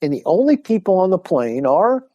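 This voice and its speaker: An older man, a martial arts instructor and podcast guest, telling an anecdote in animated, casual fashion and acting out the dialogue. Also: high-pitched, normal speed, no room sound, highs cut off. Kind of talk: casual storytelling.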